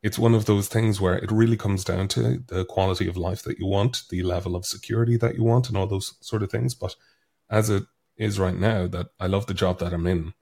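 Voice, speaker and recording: A man's voice: sits low, a little fast, creaky. A man with an Irish accent, a guest author chatting in a casual podcast interview, telling stories animatedly while getting over a cold. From Ireland. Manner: animated storyteller, acts out quoted lines. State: sick with a cold.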